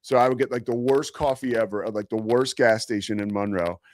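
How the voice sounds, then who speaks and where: This sports talk host, his voice lowish and fairly even, moves at a fairly quick clip through a casual storytelling monologue. He rambles, pokes fun at himself, and leans on plenty of fillers. The sound is dry.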